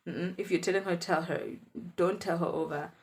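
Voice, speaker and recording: Woman, 20s, lower voice, lively chatty storytelling. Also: moderate pace. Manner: chatty, animated storytelling with laughs. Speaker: vlogger. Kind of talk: storytime vlog.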